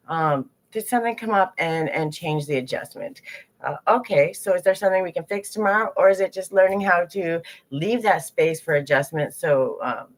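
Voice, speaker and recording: Woman teacher, lowish voice, animated live talk to a group, casual and candid. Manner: animated, acts out inner voices.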